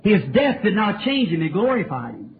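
A man's voice: high-pitched, very animated, moderate pace. A man preaching a revival sermon in a church, fervent and sing-song, calling for answers from the crowd. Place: church tabernacle. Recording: tinny lo-fi old tape with hiss.

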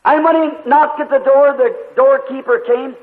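A man's voice: very high voice, steady tone, moderate pace. A male preacher delivering a sermon, telling a story fervently and drawing out emphatic phrases. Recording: tinny lo-fi recording with hall echo.

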